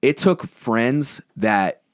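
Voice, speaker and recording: A man's voice: medium pitch, expressive, extremely slow, no echo, studio quality. A young man, a podcast guest, talking bluntly and intensely in casual conversation, swearing heavily as he tells personal stories. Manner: blunt, heavy swearing, intense emotional storytelling. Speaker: podcast guest, band lead singer.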